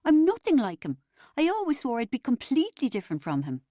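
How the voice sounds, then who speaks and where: A woman's voice: sits high, huge pitch swings, fast, dark tone, no echo, studio quality, voice pushed up, full character voice. A woman reading the part of a distraught man in rehab, stammering and anguished as he denies the truth. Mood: desperate.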